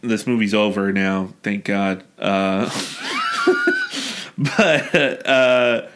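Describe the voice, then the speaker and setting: A man's voice: mid-range voice, wildly swooping pitch, extremely slow, a bit bright. A man co-hosting a casual movie-review chat who talks bluntly and profanely in long rambling runs. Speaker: podcast co-host.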